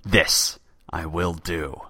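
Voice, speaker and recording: A man voicing an aging, hot-tempered male chief poet with a thin, raspy voice, booming and imperious. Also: fairly even intonation, extremely slow, pushed and bright, dry recording, clean studio sound, heavily acted. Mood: furious.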